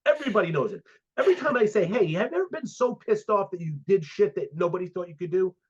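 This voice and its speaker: A man in his fifties talks through his career as a guest psychologist, acting out quoted conversations as he goes. His voice sits a little high for a man. The audio is muffled and lo-fi. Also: fast talker, husky. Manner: animated storyteller, acts out quoted dialogue. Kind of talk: casual interview storytelling. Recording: dull lo-fi audio.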